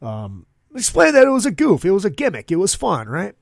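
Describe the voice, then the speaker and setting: A man's voice: sits high, huge pitch swings, a little fast, creaky, no echo, studio quality. A man hosting his own podcast, talking casually in an upbeat, rambling way with plenty of fillers. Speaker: podcast host. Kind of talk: casual solo podcast monologue.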